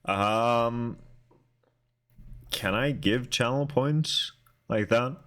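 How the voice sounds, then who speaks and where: A young man streaming and chatting casually with his viewers, halting and talkative as he answers chat aloud. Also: medium pitch, a bit bright.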